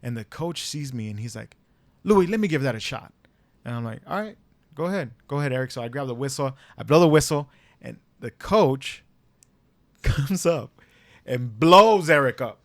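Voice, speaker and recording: A young man on a podcast, telling a story in a casual, animated way, laughing and swearing as he goes. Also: mid-range voice, normal speed, no room sound. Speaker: podcast co-host.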